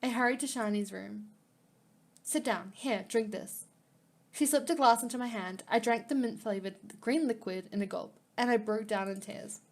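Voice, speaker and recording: A fairly high-voiced woman reads a visual novel game aloud for her channel. She reacts emotionally, gasping and sounding close to tears between lines of the story. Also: a little fast, hardly any pauses. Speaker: gaming YouTuber.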